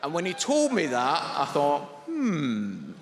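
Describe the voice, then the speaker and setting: A man's voice: a little high, very animated, normal speed, long reverb tail. A man doing stand-up comedy, telling self-mocking stories on a large theatre stage. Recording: live theatre with loud audience.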